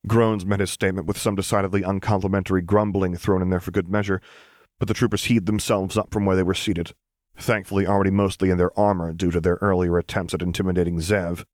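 A man narrating a fan fiction audiobook in a steady, even reading. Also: deep voice, fast talker, no echo, studio quality.

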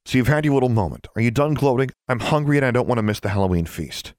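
A man's voice: medium pitch, lively intonation, fast talker, no room sound, studio quality, pitched above the performer's own voice, lightly acted. A man voicing a tough, competitive teenage witch girl who talks back sharply. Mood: defiant. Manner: defiant, sharp-tongued.

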